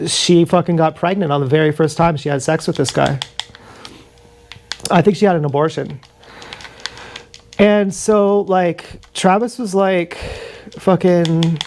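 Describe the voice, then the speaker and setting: A man's voice: high-pitched, a little mellow, slight background noise. A young man streaming live, telling meandering, profane stories in a casual chat with many restarts. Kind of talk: rambling casual storytelling.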